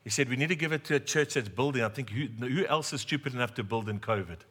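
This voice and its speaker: Middle-aged male pastor; humorous storytelling sermon, bright tone, addresses the congregation directly. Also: medium pitch, fast, slightly rough. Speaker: preacher.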